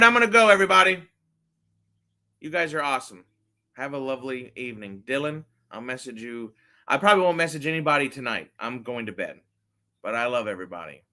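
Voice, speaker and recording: Man, phone livestream, rambling, swears a lot, bright tense tone. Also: medium pitch. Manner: rambling, profane, talks straight to chat viewers. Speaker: toy collector livestreamer. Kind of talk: casual livestream chat to viewers.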